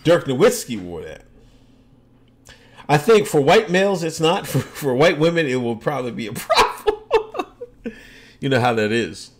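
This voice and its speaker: A man's voice: medium pitch, sing-song, normal speed, long pauses. A man hosting a casual livestream podcast, answering viewer comments with loose, joking, sarcastic asides and frequent laughs.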